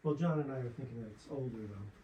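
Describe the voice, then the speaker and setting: A man's voice: mid-range voice, fast talker, dull audio. A man leading a ghost investigation through a house, thinking aloud and groping for words about what he feels. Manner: thoughtful, hesitant, searching for words. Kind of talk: casual investigation chat. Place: attic room in a house. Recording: roomy echo, loud background noise.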